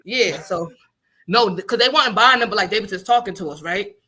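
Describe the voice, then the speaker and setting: A woman co-hosting a radio show, telling a story in casual chat, animated and swearing, laughing often and acting out what people said. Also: medium pitch, fairly quick, a crowd in the background. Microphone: studio microphone.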